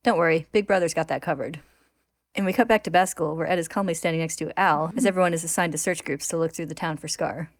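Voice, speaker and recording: A woman narrating a story recap in a steady, clear retelling. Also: lowish voice, quick pace, hardly any pauses, no room sound.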